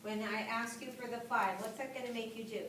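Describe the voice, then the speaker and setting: Woman, teacher, classroom lecture, high pitch, encouraging, frequent check-ins with students, heavy room echo. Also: steady tone, fairly quick, fairly bright tone, a little hiss or hum. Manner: encouraging, checks in with frequent "right?" and "make sense?". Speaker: yoga and health teacher. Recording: echoey classroom from far off.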